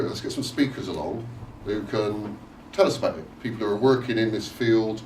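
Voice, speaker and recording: A man giving a chatty, loosely structured history talk, with frequent fillers and restarts. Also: lowish voice. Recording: echoey room, distant mic, faint noise.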